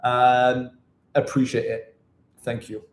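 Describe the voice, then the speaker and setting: A man vlogging in casual chat to camera, energetic and chatty, swearing freely, from his apartment. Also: mid-range voice, takes it slowly. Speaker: travel vlogger. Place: apartment room, indoors. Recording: roomy echo in an apartment.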